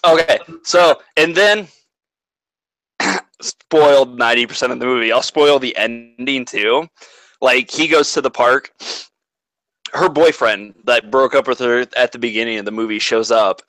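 A man's voice: medium pitch, a little slow, a bit bright, rough recording. A man in casual chat, animatedly retelling a movie plot and swearing freely.

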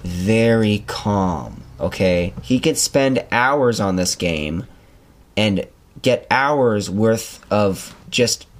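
A man's voice: fairly low pitch, very slow. A young man hosting a podcast, telling stories in a rambling casual chat with lots of fillers. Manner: rambling, animated storytelling with many fillers. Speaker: podcast host.

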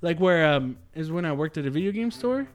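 A man's voice: fairly high pitch, expressive, brisk. A young man telling a story in casual chat among friends, acting out quotes with big jumps in his voice.

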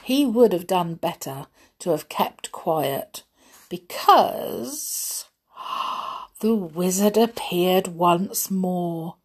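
A woman reading a children's book aloud in an expressive, gently playful way. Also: lowish voice, drawn-out words, husky. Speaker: storyteller.

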